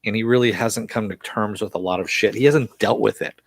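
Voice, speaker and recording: A man's voice: on the low side, fairly quick, vocal fry, no echo. Casual, profane man recapping a show. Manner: loose, profane, chatty with frequent fillers. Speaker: show reviewer.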